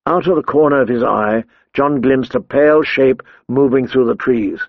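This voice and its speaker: A man narrating an audiobook in a steady, measured way. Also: medium pitch, no room sound, dull audio. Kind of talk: scripted narration.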